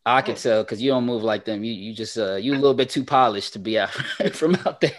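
A young man co-hosting a casual podcast, loose and laughing, with drawn-out hype on his greetings. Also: medium pitch. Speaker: podcast co-host.

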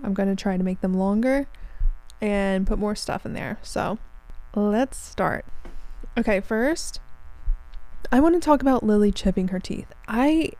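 Young woman rambling through a story, mellow voice, dry close sound. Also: medium pitch, no room sound, low-quality recording. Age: young adult. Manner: animated storytelling, frequent swearing and laughs. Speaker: podcast host. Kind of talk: casual chat.

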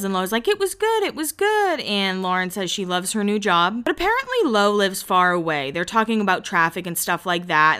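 Woman podcast host, casual recap chat, bright voice, smooth clear tone, chatty with quick acted quotes. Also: fairly low pitch.

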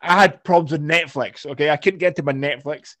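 A man's voice: on the high side, brisk, fairly bright tone. A Scottish man co-hosting a podcast, rambling through stories with many fillers. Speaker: podcast co-host. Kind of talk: casual chat.

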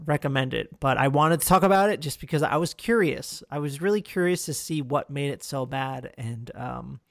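A man's voice: mid-range voice, no room sound, clean studio sound. A man hosting a podcast, reviewing films in casual chat, rambling and swearing with lots of fillers and restarts. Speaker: podcast host.

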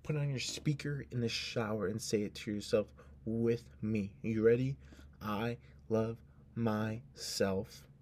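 A man's voice: mid-range voice, normal speed, hardly any pauses, darkish tone. A young man hosting a casual solo podcast, talking in an earnest, rambling way and cutting himself off, sounding drowsy. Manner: rambling, earnest, self-interrupting. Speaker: podcast host.

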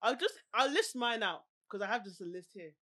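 A woman's voice: on the high side, expressive, brisk, sharp tone. A woman co-hosting a podcast, playfully leading the chat and reading from a list. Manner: playful, reads items from a list. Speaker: podcast co-host. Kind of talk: casual banter.

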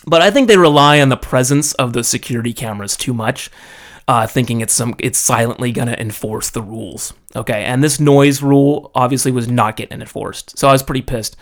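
A man's voice: mid-range voice, fairly quick. Exasperated man ranting with profanity. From foreigner living in Japan. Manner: profane, exasperated, peppers talk with "okay?". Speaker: storyteller. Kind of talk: casual ranting monologue.

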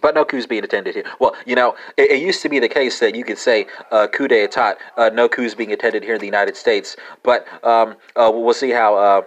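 A man's voice: medium pitch, steady tone, a little fast, hardly any pauses. A man hosting a language lesson podcast, speaking off the cuff with many "uh" fillers and spelling words out letter by letter.

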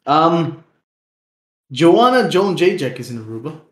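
A man's voice: fairly high pitch, big pitch swings, measured pace, echoey room. A young man co-hosting a casual, unplanned podcast, rambling in slang, swearing freely and laughing often. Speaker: podcast co-host.

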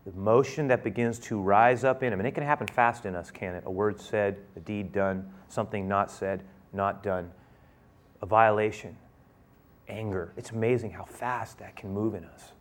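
A man preaching a sermon, retelling a story and acting out its dialogue with rising excitement. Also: lowish voice.

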